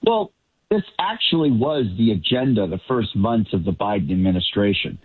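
A man commenting on politics in a casual panel talk, rambling with quick asides. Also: fairly low pitch, expressive, husky. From Boston area. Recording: tinny phone-like line.

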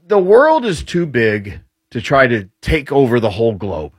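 A man's voice: mid-range voice, very animated, brisk, dry recording. A man appearing as a guest commentator, explaining military and economic points in casual talk and building them with rhetorical questions.

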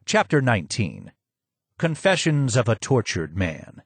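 A man reading a first-person audiobook in a measured, descriptive way. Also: mid-range voice, wildly swooping pitch, slightly rough, dry recording. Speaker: audiobook narrator. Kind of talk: scripted first-person narration.

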